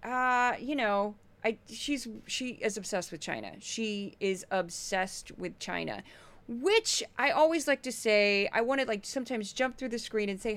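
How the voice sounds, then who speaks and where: A woman podcast host giving casual, animated commentary, laughing often and sometimes breaking into yelling. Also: on the high side, unhurried, dry recording.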